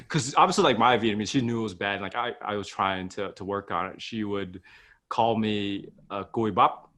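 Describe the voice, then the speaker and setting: A man guesting on a casual podcast, explaining things in a halting, chatty way full of "like" and frequent laughter. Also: lowish voice, fairly bright tone.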